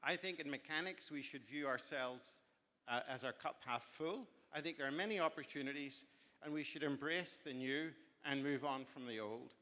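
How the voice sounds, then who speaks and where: A man's voice: medium pitch, moderate pace, pushed and bright. A man giving a genial, rambling after-dinner speech at a banquet, often correcting himself as he goes. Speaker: speaker. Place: banquet hall. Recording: long hall reverb.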